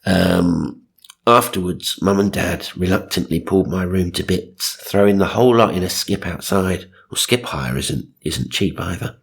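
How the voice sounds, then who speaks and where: Deep husky narrator. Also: male voice, normal speed. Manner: dry, sarcastic asides. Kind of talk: comic reading of magazine stories.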